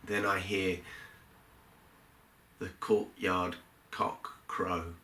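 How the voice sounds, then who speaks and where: A man gives voice to a fisherman disciple, ashamed and afraid, in a first-person church monologue. His voice sits low and moves very slowly, with a bright, forceful tone. The words ring around an echoey church room. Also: flat delivery, heavily acted. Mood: fearful. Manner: earnest, halting storytelling with quiet, heavy pauses. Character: remorseful male fisherman disciple, fearful and ashamed. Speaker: actor in a dramatic monologue.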